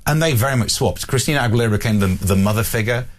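A man's voice: mid-range voice, slight background noise. A British man co-hosting a radio show, bantering playfully and mocking himself. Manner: quick, playful, self-mocking. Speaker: radio co-host.

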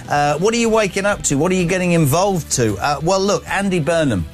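Chatty, opinionated radio host. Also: male voice, on the high side, lively intonation, brisk, faint music behind. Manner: chatty, opinionated, reads listener texts aloud. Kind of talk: breakfast radio talk and text reading.

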